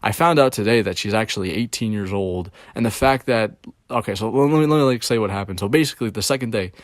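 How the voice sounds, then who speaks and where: Rambling, profane young man, fairly low voice. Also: quick pace, dry recording, clean studio sound. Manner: rambling, profane, storytelling with many fillers. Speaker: streamer. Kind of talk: casual rant about work.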